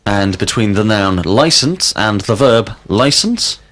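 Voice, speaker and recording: A male teacher leading a scripted language drill, asking questions slowly and deliberately and calling out single words as prompts. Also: lowish voice, expressive, fairly bright tone. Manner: slow, deliberate questioning with clear word prompts.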